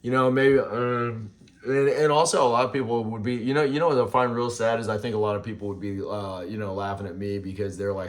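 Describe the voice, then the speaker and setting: A man's voice: on the low side, steady tone. Rambling, frustrated man in his forties. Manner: rambling, frustrated, halting restarts. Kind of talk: casual vlog rant.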